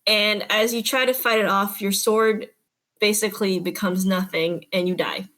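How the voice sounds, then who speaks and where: A woman's voice: mid-range voice, fairly even intonation, moderate pace, fairly bright tone, low-quality recording. A woman narrating a tabletop game as game master, casual and chatty, laughing often.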